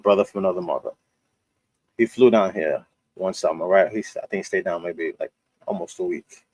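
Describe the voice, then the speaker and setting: A man's voice: on the low side, no room sound. Laid-back man from New York, dry sound. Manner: laid-back storyteller, laughs easily. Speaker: podcast host. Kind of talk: casual chat.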